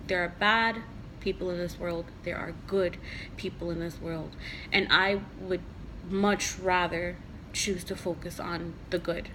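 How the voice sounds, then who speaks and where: Earnest, low-voiced woman reflecting softly. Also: slight background noise, low-quality recording. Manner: earnest and heartfelt, with slow emphatic repetitions. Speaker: mother sharing spiritual reflections. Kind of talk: personal reflective monologue.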